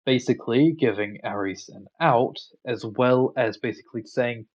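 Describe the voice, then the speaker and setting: A man's voice: mid-range voice, a little slow. Chill guy rambling thru a story retelling, mid voice, kinda muffled audio. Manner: relaxed, rambling, filler-heavy. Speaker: commentator. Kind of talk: casual storytelling commentary.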